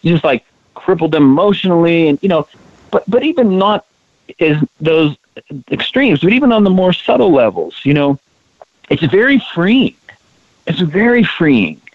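A man's voice: on the high side, sing-song, normal speed, no echo. A man being interviewed as a guest, talking earnestly and emphatically, often repeating words as he restarts his sentences. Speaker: interview guest, co-founder of a women's leadership project. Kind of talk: conversational interview. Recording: tinny phone-line sound, dry.

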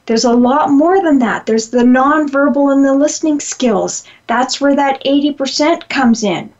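A woman's voice: high-pitched, measured pace, darkish tone, muffled recording. A woman giving a conversational lesson on communication, repeating her key points with frequent ums. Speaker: communication trainer. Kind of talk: lecture-style presentation.

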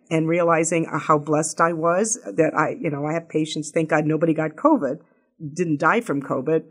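An older woman who is a doctor, hosting a casual talk and telling stories in a lively way. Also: low voice. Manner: lively storyteller, jumps into quoted voices. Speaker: host, doctor.

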